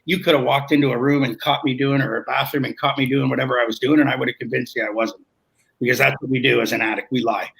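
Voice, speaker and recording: A man with a gravelly voice speaks fast as a guest on a talk show. He is candid and confessional. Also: mid-range voice, steady tone, a bit bright, poor audio. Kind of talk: casual chat.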